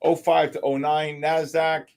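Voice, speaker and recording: A man's voice: a little high, flat delivery, unhurried, gravelly, a little mellow, clear, resonant tone. A man from the Bronx, hosting a live trading stream in a brash, joking way. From the Bronx, New York. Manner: brash, joking, calls out viewers by name. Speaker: livestream trading host.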